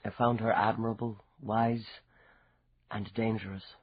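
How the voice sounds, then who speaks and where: Man voicing a low-spoken Irish charmer, wry and amused, soft voice, muffled audiobook sound. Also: level tone, a little slow, breathy edge, no echo. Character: cool, wry wealthy Irish man, lover.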